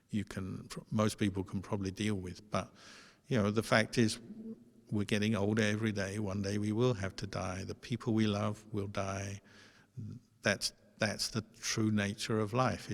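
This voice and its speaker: Gravelly-voiced Buddhist monk giving a talk. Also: male voice, on the low side. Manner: gentle, conversational storytelling with frequent fillers. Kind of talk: dharma talk. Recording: long hall reverb.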